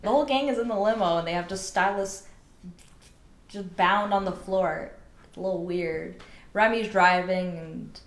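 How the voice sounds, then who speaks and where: A woman's voice: mid-range voice, moderate pace. A woman casually retelling a novel's plot with playful, dramatic asides. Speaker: book recap vlogger. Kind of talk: casual storytelling recap.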